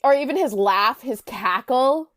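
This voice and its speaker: An animated young woman co-hosts a podcast in casual chat, tossing off quick asides and correcting herself. Her voice is recorded close and dry, with no room sound. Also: high-pitched, no echo. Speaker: podcast co-host.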